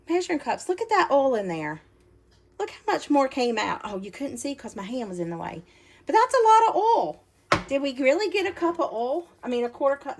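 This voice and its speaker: Woman, higher voice, chatty cooking host, clinking dishes behind. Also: gravelly, a little hiss or hum. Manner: chatty and folksy, talks straight to viewers. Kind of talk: casual cooking demonstration. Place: home kitchen. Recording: kitchen clatter of dishes and utensils.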